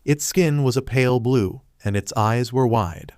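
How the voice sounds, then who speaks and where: A man reading fan fiction aloud in an even, plain storytelling manner. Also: medium pitch, unhurried, dry recording, clean studio sound. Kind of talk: scripted story narration.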